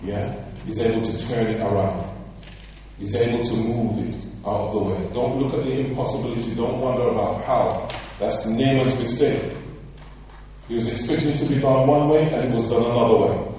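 A man preaching a sermon as pastor, emphatic and calling out for responses, drawing key phrases out slowly and repeating them. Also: mid-range voice, steady tone, warm tone, far from the mic, slight background noise. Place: church sanctuary. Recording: echoey church hall, voice from afar.

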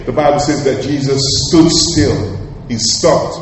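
A male pastor preaching a sermon with emphatic, sometimes loud outbursts. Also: fairly high pitch, a little slow, slight background noise. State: coughing, slightly hoarse. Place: large church hall. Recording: echoey hall, heard from far off.

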